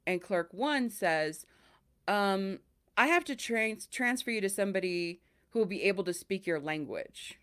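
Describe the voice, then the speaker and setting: A young woman hosts a casual podcast chat. She tells stories in a lively way and slips into the voices of the people she quotes, with a middle-pitched, everyday tone. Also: unhurried, clear, resonant tone. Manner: animated, acts out quoted voices. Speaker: podcast host.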